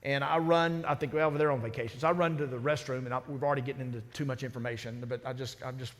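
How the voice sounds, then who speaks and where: A man who is the senior pastor, preaching a sermon in a lively, conversational storytelling way. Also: medium pitch, fast talker. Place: large church sanctuary. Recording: church sanctuary with long reverb.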